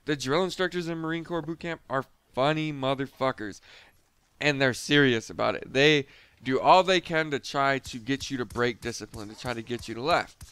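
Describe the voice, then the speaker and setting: A young man tells a story in a relaxed vlog style, loose and a bit profane. His voice is smooth and clean at a middle pitch. He gets animated as he goes and chuckles along the way. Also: normal speed, dry recording. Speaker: storyteller, former Marine recruit.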